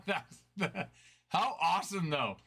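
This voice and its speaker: A man's voice: high-pitched, animated, slow, pushed and bright, slightly rough. A man hosting a card break stream, chatting casually and answering viewers' chat.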